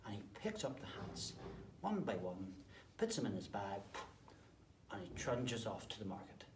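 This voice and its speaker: A man, a teacher, telling a story to children, swinging between whispered asides and sudden loud bursts. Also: fairly low pitch, sing-song, moderate pace. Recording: roomy, distant mic, faint background noise.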